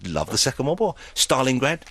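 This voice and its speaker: Radio host: London man, forties, rapid-fire and teasing, very animated intonation. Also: mid-range voice. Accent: London English. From England. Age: 40s. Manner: quick, teasing and jokey, laughing often. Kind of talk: casual chat.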